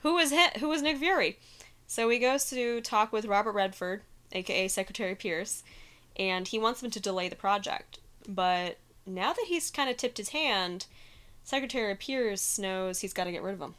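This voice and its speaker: A woman's voice: medium pitch, normal speed, a bit bright, smooth. A woman co-hosting a casual podcast, recapping a film with enthusiasm, laughing and swearing freely. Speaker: podcast co-host.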